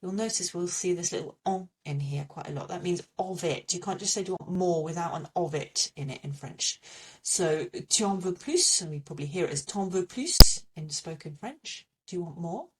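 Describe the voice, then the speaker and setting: A woman's voice: on the low side, a little fast, few pauses, a bit bright, far from the mic. A woman with an English accent teaching a French pronunciation lesson, patiently repeating little memory tips.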